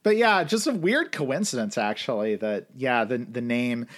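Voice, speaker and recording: A man chats on a podcast in an enthusiastic, explanatory way. His voice sits at a middle pitch and swings up and down in very animated intonation. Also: moderate pace. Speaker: podcast co-host. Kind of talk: casual chat.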